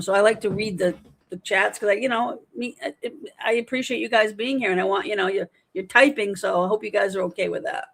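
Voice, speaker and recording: Hosting a relaxed livestream from her home, a woman in her fifties chats with energy and reads out comments from her viewers. She speaks at a medium pitch with a fairly bright tone.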